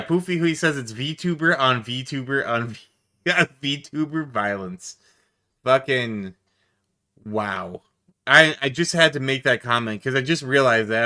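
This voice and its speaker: A man hosting a react stream, chatting casually with a rambling, laughing manner. His voice is bright and forward at a middle pitch.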